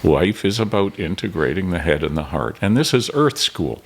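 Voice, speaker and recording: A man's voice: sits low, normal speed, creaky. An older man from Canada, a filmmaker and podcast guest, telling stories animatedly and acting out the dialogue. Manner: animated storyteller, acts out dialogue. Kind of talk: storytelling in casual interview.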